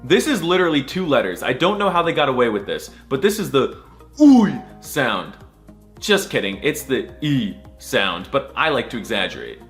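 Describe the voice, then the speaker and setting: A man teaching letters for laughs, his pitch leaping and swooping as he goes. He delivers everything with exaggerated mock seriousness and breaks into sudden squeals, with faint music running underneath. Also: big pitch swings, a little fast, few pauses, fairly bright tone. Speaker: comedy language tutor. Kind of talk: comedic alphabet lesson.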